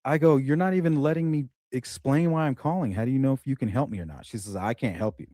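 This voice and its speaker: Man retelling a story, dark voice. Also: medium pitch, fast, no echo, clean studio sound. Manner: animated retelling, acts out dialogue. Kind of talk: casual storytelling.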